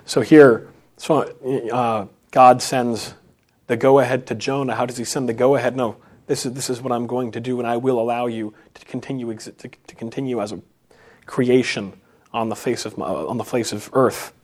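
A man preaching an unscripted sermon, halting often and restarting phrases, then rising for emphasis. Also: medium pitch, steady tone.

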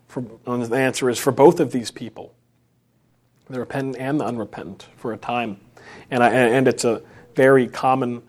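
Man of ordinary pitch preaching loosely, stumbling and building emphasis. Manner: halting, with many restarts and rising emphasis. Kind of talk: unscripted sermon.

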